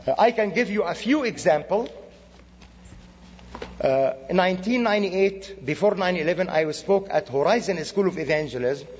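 A Middle Eastern man with a high voice preaches a sermon as a guest speaker, speaking at a moderate pace and telling animated stories full of acted-out, quoted dialogue. The recording comes from a church sanctuary, dull and lo-fi with a reverberant hall sound and a little hiss or hum.

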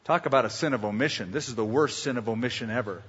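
A man's voice: mid-range voice, fast, slightly rough. A man preaching a sermon as pastor, emphatic and storytelling. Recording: lo-fi with long hall reverb.

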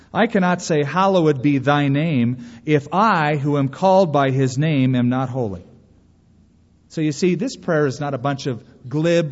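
Man, pastor's sermon, slightly high voice, earnest rhetorical questions, dull lo-fi sound. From California. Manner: earnest preaching with rhetorical questions and story asides. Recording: reverberant hall, dull lo-fi sound.

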